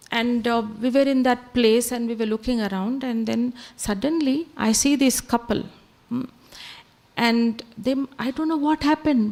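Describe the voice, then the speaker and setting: A woman's voice: fairly high pitch, darkish tone. A woman, giving a spiritual talk full of chatty stories and dropping Hindi phrases into her English. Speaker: spiritual speaker. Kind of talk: storytelling talk.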